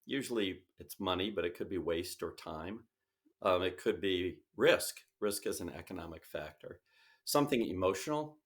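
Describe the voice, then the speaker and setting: A man speaking as an interview guest, emphatic and animated, often switching into quoted voices to make his point. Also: deep voice, normal speed. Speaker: sales expert guest. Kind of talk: conversational interview.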